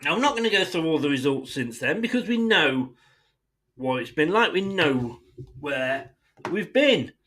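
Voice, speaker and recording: An English man hosting a football fan channel, ranting bluntly and swearing freely, and acting out imagined conversations in quick asides. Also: on the high side, big pitch swings, a bit bright. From England. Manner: mimics others in asides. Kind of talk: impassioned fan rant.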